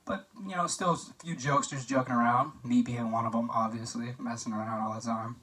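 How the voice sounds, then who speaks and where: A man's voice: mid-range voice, fairly even intonation, brisk, bright, forceful tone, far from the mic, rough recording. A young man giving a casual, joking best-man toast for a class assignment, telling anecdotes with plenty of fillers.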